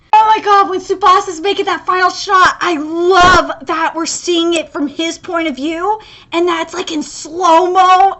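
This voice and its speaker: A young woman hosting an anime reaction channel, gushing excitably and swearing often as she reacts to an episode. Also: very high-pitched, background noise. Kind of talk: live anime reaction commentary.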